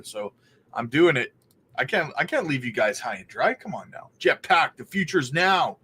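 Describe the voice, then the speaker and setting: A man's voice: medium pitch, very animated, normal speed, sharp tone, husky. A man hosting a crypto live stream, greeting chatters by name and talking through price charts in a casual, upbeat way. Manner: upbeat, greets chatters by name, calls them buddy and brother.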